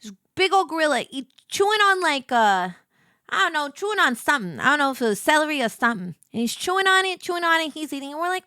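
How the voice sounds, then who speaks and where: A woman streamer chatting casually while playing a game, telling stories in an animated way. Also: high-pitched, fast talker, dry recording, studio quality. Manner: animated storytelling with laughs. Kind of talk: casual chat while gaming.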